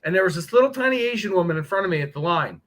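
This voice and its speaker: A man's voice: sits high, lively intonation, rapid-fire, a bit bright, rough recording. A man chatting casually on a live stream, telling profane joking stories. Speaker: guest on a motorcycle live stream.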